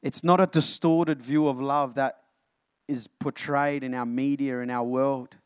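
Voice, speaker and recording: A man preaching an animated sermon to his congregation, often calling them church. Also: medium pitch, measured pace, smooth, no echo, clean studio sound. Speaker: pastor.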